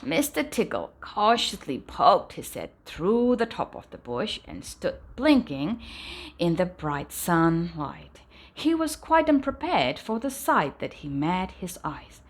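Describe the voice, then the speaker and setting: Woman reading a picture book at bedtime, lively intonation that sinks softly at sentence ends. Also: fairly low pitch, takes it slowly. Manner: animated storytelling, dropping softly at sentence ends. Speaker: storybook reader. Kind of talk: bedtime storybook read-aloud.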